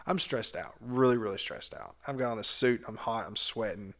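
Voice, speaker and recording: A man, a cheer coach, casually retelling a past season in a candid, animated way with some swearing. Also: fairly low pitch, moderate pace, gravelly, few pauses. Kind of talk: casual memoir storytelling.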